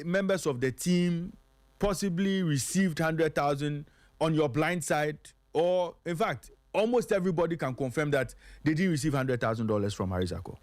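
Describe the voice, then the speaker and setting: A man, hosting a sports radio show, who poses questions in a measured way and restarts his openings. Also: on the high side, animated, no room sound. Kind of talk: radio interview.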